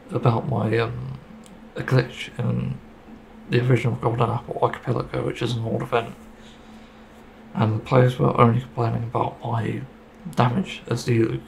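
A man's voice: medium pitch, vocal fry, a little mellow, a little hiss or hum, rough recording. A man giving a casual, rambling opinion monologue about a game, getting frustrated and swearing casually. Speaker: gaming video creator.

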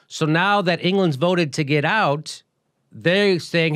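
A middle-aged man hosting a political commentary show, talking in an animated, emphatic, blunt and profane way. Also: fairly high pitch, a little slow, no echo, studio quality. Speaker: show host.

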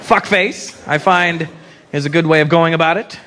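A man's voice: a little high, moderate pace, a bit bright. A man doing a stand-up comedy set on stage, brash and profane, teasing the crowd. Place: comedy stage before a live audience. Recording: live stage mic with crowd noise.

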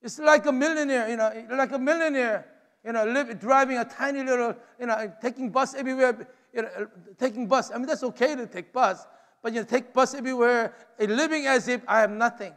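A man's voice: extremely high pitch, fairly quick, fairly bright tone. A man preaching a sermon to his congregation, emphatic and repetitive, often saying "you know". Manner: emphatic, repeats phrases, frequent "you know". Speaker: pastor. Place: church sanctuary. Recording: long hall reverb. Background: hall reverb.

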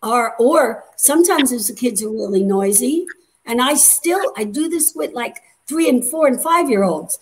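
Chatty animated woman co-host. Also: on the high side. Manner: animated, chatty, quick interjections. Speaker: co-host, educator. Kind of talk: casual chat.

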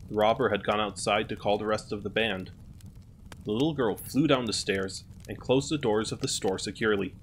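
A man calmly narrating a fairy tale as a storyteller. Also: on the low side, a little hiss or hum.

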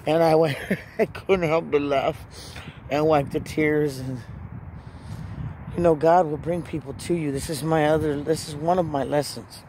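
A woman's voice: low-pitched, steady tone, normal speed, warm tone. Earnest woman preaching outdoors over traffic. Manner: emotional, earnest, rising into urgent rhetorical questions. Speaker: Christian vlogger. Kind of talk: personal faith testimony and preaching. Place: in or beside a parked truck outdoors.

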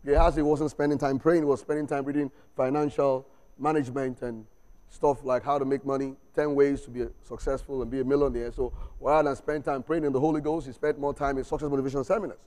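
A man's voice: mid-range voice, level tone, quick pace, darkish tone. A man preaching a sermon in church, exhorting with call-and-response, repeated refrains and humorous asides. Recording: long reverb of a church hall.

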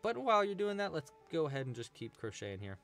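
A man's voice: on the high side, sing-song, quick pace, fairly bright tone, soft background music. A man hosting a live crochet tutorial stream, chatting casually, thanking donors and answering the chat. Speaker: crochet livestream host.

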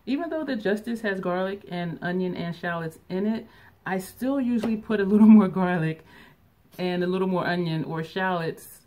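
Chatty woman vlogger, lowish voice. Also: darkish tone, slight background noise. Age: middle-aged. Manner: chatty, laughs often, thinks aloud. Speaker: beauty vlogger. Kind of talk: casual haul vlog.

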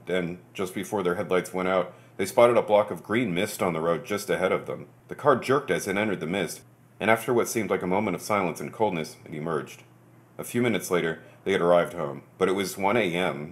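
Deep-voiced man reading aloud. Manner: steady, measured reading, dropping low for quick asides. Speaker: podcast host reading articles aloud. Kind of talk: reading aloud with brief asides.

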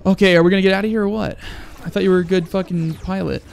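Brief: young male gamer commentator, crude and mock-angry, slightly high, gravelly. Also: fairly even intonation, rapid-fire. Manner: profane, mock-angry, joking. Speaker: gaming video host.

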